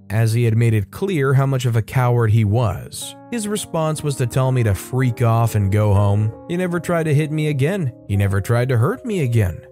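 A man hosting a storytelling podcast, reading a posted first-person story aloud in a steady, dramatic way. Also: mid-range voice.

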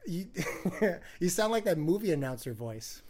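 A man co-hosting a podcast in casual chat, easygoing and quick to laugh. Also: on the high side, sing-song, crowd noise. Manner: laughs often, easygoing banter. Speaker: podcast co-host.

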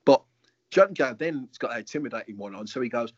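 A man, a former footballer and coach, telling lively anecdotes. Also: medium pitch, quick pace, dry recording, lo-fi sound. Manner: animated, acts out quoted voices. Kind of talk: anecdotal storytelling.

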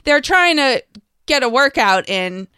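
A woman's voice: high-pitched, very animated, measured pace, sharp tone, clear, resonant tone, no room sound. A woman co-hosting a podcast in casual chat, making her points plainly with dry, teasing asides. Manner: dry, teasing, pushes back with wry asides. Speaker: podcast co-host.

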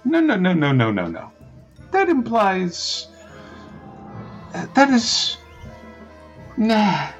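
A man's voice: wildly swooping pitch, highs cut off, soft background music, exaggerated voice. A man playing a cryptic, teasing stranger in his early thirties who treats time as a strange soup. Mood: amused. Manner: slow, lofty, teasing, with swooping pitch. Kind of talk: tabletop role-play in character.

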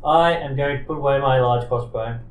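A man's voice: mid-range voice, a little fast, roomy sound, distant mic, low-quality recording. A man playing in a tabletop game, casually declaring what his character does. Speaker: player.

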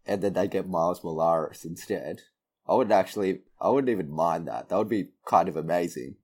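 Husky, deep-voiced man. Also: a little fast, darkish tone. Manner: laid-back, swears freely, laughs easily. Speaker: podcast co-host. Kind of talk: casual film chat.

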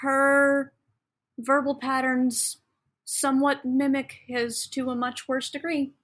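A woman with a high voice co-hosting a relaxed chat podcast. She drops in short, dry, teasing remarks between the readings. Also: slow pace. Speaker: podcast co-host.

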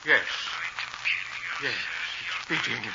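A man's voice: mid-range voice, extremely slow, creaky. An actor playing a nervous man who is tormented by a voice, stammering and swinging into outbursts, in 1940s radio acting. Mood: frantic. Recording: hissy, muffled 1940s radio recording.

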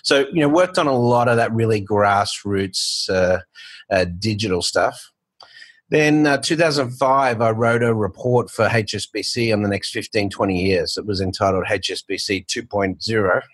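Husky Australian man, low voice. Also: moderate pace, no room sound. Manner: rambling, restarts and fillers, storytelling. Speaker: guest, bank founder. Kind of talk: conversational interview.

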